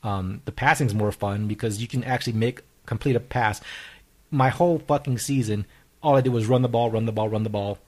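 A man's voice: mid-range voice, fairly quick, a little mellow. A man co-hosting a podcast, rambling casually with fillers and crude jokes. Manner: rambling, laughing, uses fillers. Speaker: podcast co-host.

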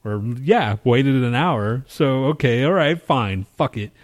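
A man's voice: medium pitch, lively intonation, measured pace. Profane rambling male podcast storyteller. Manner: profane, rambling storyteller who acts out his own reactions. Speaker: podcast co-host. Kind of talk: casual storytelling chat.

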